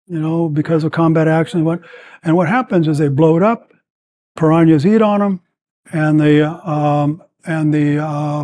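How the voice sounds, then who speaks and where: An older man in his seventies tells long stories as a podcast guest. He rambles with plenty of fillers but stays animated, in a voice that sits a bit high for a man. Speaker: guest, former combat medic. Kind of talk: storytelling in a podcast interview.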